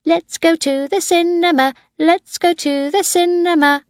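A woman voicing a five-year-old boy who shouts and whines, in a storybook reading. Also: extremely high pitch, fairly even intonation, measured pace, dry recording, clean studio sound, pitched above the performer's own voice. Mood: excited. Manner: shouting and whining. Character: excited little boy, five years old.

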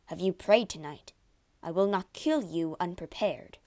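A woman's voice: lowish voice, measured pace, dark tone, close to an everyday voice. A woman voicing a brooding, jealous male general who speaks in curt, stony growls in a storybook reading.

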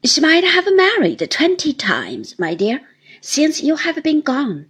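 A woman's voice: sits high, sing-song, takes it slowly, fairly bright tone, voice pushed up, exaggerated voice. A woman reading a stern elderly aunt, speaking in a clipped, emphatic and blunt way. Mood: firm, earnest.

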